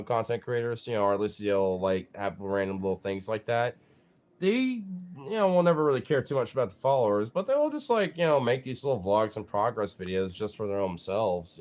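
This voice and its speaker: This mid-range, slightly dark voice belongs to a vlogger in relaxed chat mode. They ramble on with plenty of "like" and "you know" fillers while jokingly teasing their pets and swearing at them.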